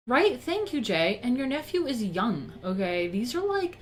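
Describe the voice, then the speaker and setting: A woman's voice: a little high, big pitch swings, measured pace, few pauses, low-quality recording. A woman in her thirties hosting a live stream from her home office, chatting casually and ranting bluntly with plenty of swearing.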